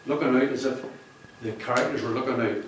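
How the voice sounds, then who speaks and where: A fast-talking man with a medium-pitched, steady voice delivers a public speech to an audience in an echoey function room. As the book's cover artist at its launch, he jokes, rambles, and laughs at his own jokes. Background noise and a distant mic are audible.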